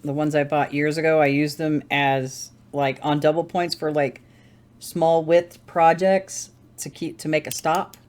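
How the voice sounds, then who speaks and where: With a low-pitched, darkish voice and a level tone, a crafting-channel host chats at a measured pace while knitting at home. She rambles and self-corrects as she thinks aloud.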